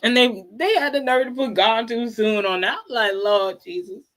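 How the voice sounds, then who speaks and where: A woman's voice: a little high, normal speed, a bit bright. A woman co-hosting a casual chat, retelling scenes by quoting people and laughing. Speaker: co-host.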